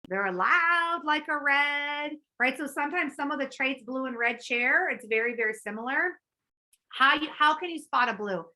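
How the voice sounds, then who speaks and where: Bubbly high-voiced woman trainer. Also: lively intonation, moderate pace, pushed and bright, low-quality recording. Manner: bubbly, chatty, lots of fillers and quoted asides. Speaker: network marketing trainer. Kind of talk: motivational talk to an audience.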